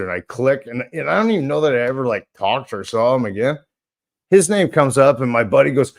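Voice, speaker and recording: A man's voice: medium pitch, animated, fast. A man in his forties telling a heated, profane story in casual podcast chat. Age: 40s. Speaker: former podcast host.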